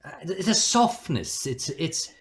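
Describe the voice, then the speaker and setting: A middle-aged Irish man telling stories in a relaxed interview, animated and given to acting out the people he quotes. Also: a little high, takes it slowly. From Ireland. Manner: animated, acts out quoted voices. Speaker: guest. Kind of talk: conversational storytelling.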